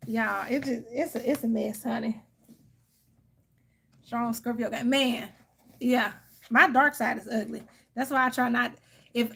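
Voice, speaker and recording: A woman's voice: on the high side, creaky, a bit bright. A woman tarot reader in a casual, candid chat, speaking emphatically and calling her listeners "y'all" and "honey.".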